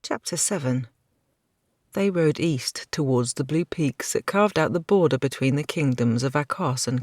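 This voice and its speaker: Male audiobook narrator, gravelly, even delivery. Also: medium pitch, no echo, studio quality. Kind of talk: scripted fantasy narration.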